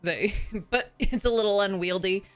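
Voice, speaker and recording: A woman's voice: mid-range voice, moderate pace, no echo. A woman from the American South runs a tabletop game, laughing and swearing as she makes the story up on the spot. Her voice sits in a middle register. Faint music plays underneath. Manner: laughing, swearing, loose improvised narration. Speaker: game master.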